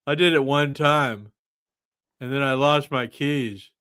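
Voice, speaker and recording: A man's voice: mid-range voice, takes it slowly, a bit bright, smooth, no room sound. A man hosting a casual podcast, rambling off into absurd tangents. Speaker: podcast host.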